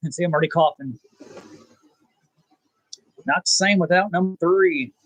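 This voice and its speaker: A man, hosting a rambling live chat with viewers, pausing often with "uh". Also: on the high side, no echo, low-quality recording. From South Texas. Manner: laid-back, rambling, frequent "uh" pauses. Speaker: channel host.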